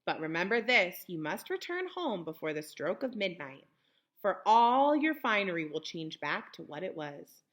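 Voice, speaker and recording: A plump little fairy godmother speaks in a gentle, kind storybook voice, as a woman reads her part. Her tone rises and falls with lively expression. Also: on the low side, normal speed.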